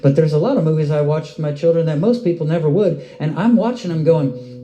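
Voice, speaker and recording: A man preaching in a roomy, echoing space, his voice deep and very mellow in tone. He tells his stories with animation, jumping up in pitch as his enthusiasm builds. The sound carries the reverberation of a large hall. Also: fairly quick, few pauses, slight background noise. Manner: animated storyteller, pitch jumps up when excited. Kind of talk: sermon. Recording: roomy echo.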